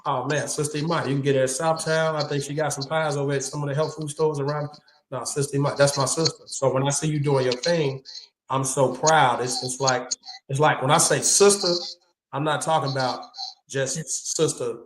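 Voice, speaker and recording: A man who is a guest tells animated stories in casual, slangy talk, mimicking the people he quotes. His voice sits at an ordinary middle pitch. The sound has a roomy echo around it. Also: fairly quick, a little hiss or hum. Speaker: guest, martial artist. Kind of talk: casual storytelling chat.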